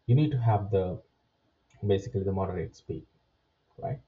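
A man teaching test preparation, explaining step by step and often checking in with a quick "right?". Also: on the low side, vocal fry. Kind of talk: spoken lesson. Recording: distant, muffled, lo-fi sound.

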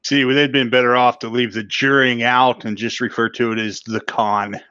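A man's voice: medium pitch, little pitch movement, normal speed, sharp tone, clear, resonant tone, dry recording. A man on a casual podcast who teases his co-hosts in a dry way. The sound is dull and lo-fi, close and dry. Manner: dry teasing. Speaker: podcast co-host. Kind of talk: casual comedic chat.

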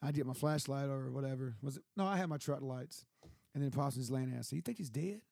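A man's voice: mid-range voice, steady tone, fast talker, gravelly, darkish tone, no room sound, clean studio sound. A man telling stories in casual chat, laughing often and acting out voices.

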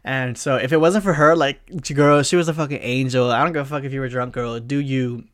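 A man's voice: mid-range voice, fairly even intonation, brisk, fairly bright tone. A young man hosting his own podcast, telling an embarrassing story in a rambling, profane way, full of fillers and slang. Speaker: podcast host. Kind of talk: casual storytelling monologue.

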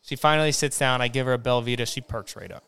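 Brief: young male co-host, smooth clear voice, animated storyteller who swears a lot. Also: medium pitch, quick pace. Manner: animated, acts out voices when excited, swears freely. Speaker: podcast co-host. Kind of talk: casual storytelling chat.

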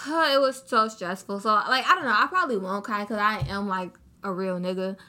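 A teenage girl co-hosting a podcast, chatting casually in slangy, animated storytelling with quoted asides. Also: mid-range voice, normal speed. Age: teens. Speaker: podcast co-host. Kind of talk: casual chat.

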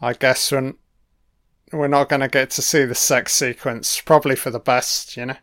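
A man's voice: medium pitch, flat delivery, normal speed, a bit bright. A man hosting a casual audio commentary over a film, with laid-back, profane running remarks.

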